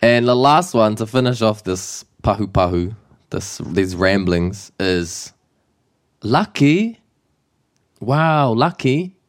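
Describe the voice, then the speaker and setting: A man with a New Zealand accent teaching te reo Māori in a casual, playful lesson, mixing Māori and English with lively exclamations. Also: lowish voice, unhurried, clear, resonant tone.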